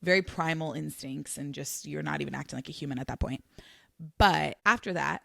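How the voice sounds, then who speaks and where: A young woman co-hosting a faith podcast, telling her story in an emotional, animated way. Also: sits low, brisk, gravelly, dry recording, studio quality. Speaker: podcast co-host. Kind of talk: casual chat.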